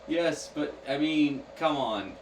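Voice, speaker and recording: A man's voice: a little high, expressive, slow pace. Male gamer, jokey and rambling, mic set far off in a noisy, echoing room. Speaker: gamer playing the game. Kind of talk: casual let's-play chat. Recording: echoey, distant mic, noisy background.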